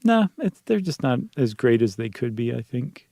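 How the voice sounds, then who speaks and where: A man's voice: mid-range voice, sing-song, moderate pace, vocal fry, dark tone, no echo, clean studio sound. A man co-hosting a podcast in casual chat, joking around and often trailing off mid-sentence. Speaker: podcast co-host.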